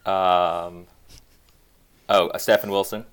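Deep-voiced man, sarcastic co-host. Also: level tone, slow, clean tone. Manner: sarcastic, hesitant when stuck. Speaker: podcast co-host. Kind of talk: casual chat.

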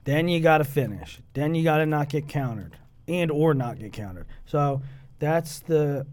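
A man with a high, very animated voice hosts a casual sports chat. He teases his partner and makes quick picks. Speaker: co-host.

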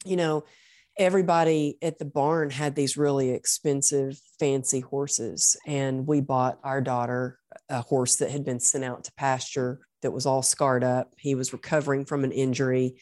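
A very low-pitched woman hosts a podcast interview, telling personal stories with effusive, faith-tinged enthusiasm. Her voice sounds dry and close, with no room around it. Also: level tone, normal speed, a little mellow, no echo. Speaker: podcast host. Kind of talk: conversational interview.

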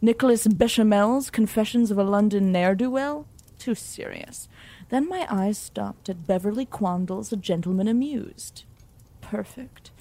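A woman narrating a comedic mock-romantic story in a deadpan, overwrought romance-novel delivery. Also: mid-range voice, unhurried, no room sound.

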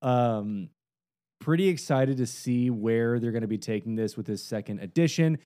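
A man co-hosting a podcast, joking in a halting way about upcoming video games. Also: mid-range voice, mellow. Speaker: podcast co-host.

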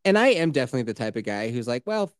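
A man's voice: mid-range voice, sing-song, racing, smooth, dry recording. A man co-hosting a casual podcast, cursing freely, talking sarcastically and acting out mocking voices. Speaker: podcast co-host.

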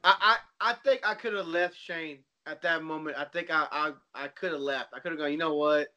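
A man's voice: fairly high pitch, fairly quick, bright, forceful tone, highs cut off. A man chatting casually, chiming in with agreement and laughter. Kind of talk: casual chat.

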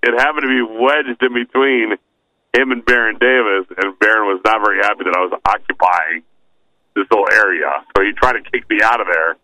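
A man co-hosting a podcast in casual comedy chat, relaxed and storytelling, often repeating words as he starts a thought. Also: fairly low pitch, brisk, no room sound, poor audio. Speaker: podcast co-host.

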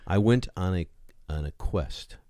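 Teasing low-voiced male co-host. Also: animated, a little slow, dark tone, no echo, clean studio sound. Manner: wisecracking, teasing. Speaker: podcast co-host. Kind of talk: casual podcast banter.

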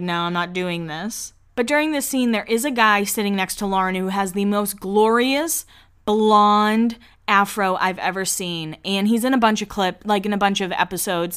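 A young woman hosting a podcast, recapping a reality show in a gossipy, casual way with low asides. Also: normal speed, a bit bright, clear, resonant tone. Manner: chatty, gossipy, laughs often, drops into low asides. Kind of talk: casual chat.

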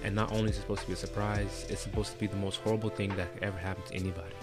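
A man from the United States hosting a casual podcast, animated and joking, often loud and expressive. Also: on the low side, racing, loud music behind the voice. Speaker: podcast host. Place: indoor podcast setup.

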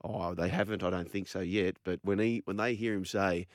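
An Australian man hosting a casual radio show on a studio microphone, chatty and enthusiastic as he runs through shout-outs and phone numbers. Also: low-pitched, steady tone, a little fast, hardly any pauses, no echo. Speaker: radio host.

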